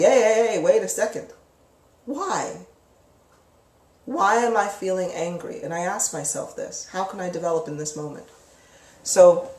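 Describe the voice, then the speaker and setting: A woman's voice: sits low, darkish tone, reverberant. A woman hosting a live psychic Q&A, answering viewer comments in a frank, chatty way with casual swearing. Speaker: psychic live-stream host.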